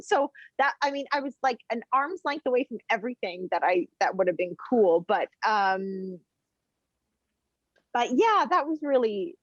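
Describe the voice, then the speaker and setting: A woman's voice: a little high, animated, normal speed, no echo, lo-fi sound. A woman, a chef and food journalist, chatting casually as a podcast guest and rambling through anecdotes with fillers and laughs.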